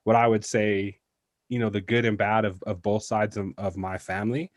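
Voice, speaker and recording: Male podcast guest on a video call, easygoing measured talk, low pitch. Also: no echo. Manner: relaxed, measured, many "you know" fillers. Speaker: podcast guest, communications professional. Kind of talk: casual conversational podcast chat. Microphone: video call mic.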